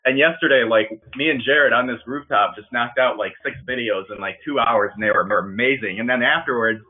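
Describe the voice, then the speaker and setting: A man's voice: mid-range voice, brisk, breathy edge. Upbeat rambling man on a tinny line. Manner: rambling, upbeat, laughs often. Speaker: webinar presenter. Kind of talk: casual motivational talk.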